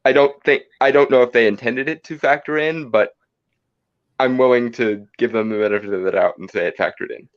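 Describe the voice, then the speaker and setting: A man's voice: mid-range voice, a little fast, dull audio. A man co-hosting a casual movie review chat with dry, wry commentary.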